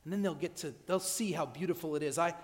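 A man preaching a conversational sermon in a church at an evening service, humorous and animated, often restarting his sentences. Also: fairly high pitch, fast. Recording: long church reverb.

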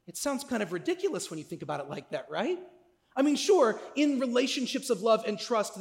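A high-pitched man delivers a sermon as a pastor, chatty and direct, often tossing quick questions to the congregation. His voice rings out with a long reverb from a large hall. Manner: conversational, asks listeners "right?".

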